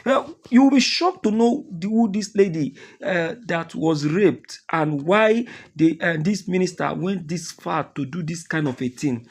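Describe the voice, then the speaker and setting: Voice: medium pitch, lively intonation, measured pace, hardly any pauses, slightly rough. A host with a Nigerian accent giving rambling news commentary, repeating words and slipping into Pidgin.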